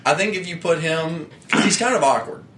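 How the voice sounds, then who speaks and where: A man's voice: a little high, lively intonation, fairly quick, a bit bright, echoey room, a little hiss or hum. A man co-hosting a casual podcast chat, agreeable and full of fillers. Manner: agreeable, many fillers like "like" and "yeah". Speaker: podcast co-host.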